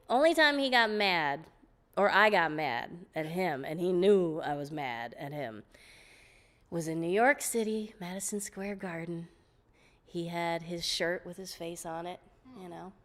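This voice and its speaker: Animated woman telling a story. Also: lowish voice. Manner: animated, laughing storyteller with frequent restarts. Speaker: guest vocalist. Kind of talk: casual interview storytelling.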